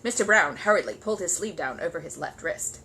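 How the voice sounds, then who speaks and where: A woman reading a children's storybook aloud in an expressive storytelling voice, with faint noise behind her. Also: lowish voice, fast talker. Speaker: storybook reader.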